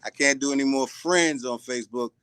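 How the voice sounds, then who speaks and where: Laid-back man, smooth dry voice. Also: mid-range voice, a little fast, fairly bright tone, dry recording. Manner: laid-back, stammers and restarts. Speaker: guest and musician. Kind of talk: casual live-stream chat.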